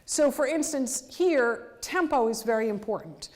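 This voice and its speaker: A woman's voice: a little high, unhurried. Woman composer lecturing, scatting rhythms. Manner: sings rhythms out in syllables to illustrate music; animated, detail-focused explanation. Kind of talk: university lecture.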